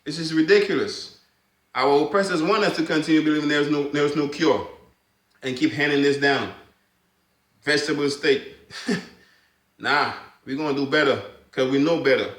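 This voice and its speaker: A man giving an impassioned personal monologue as an awareness advocate, fervent and repeating his phrases, swinging between loud and hushed. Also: a little high, moderate pace, long pauses, reverberant. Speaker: sickle cell awareness advocate.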